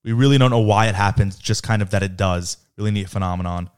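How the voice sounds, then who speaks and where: Here a young podcast co-host speaks quickly in a lowish, slightly mellow, clean-toned voice. In this casual chat he reads out news stories, joking and laughing a lot with his friends.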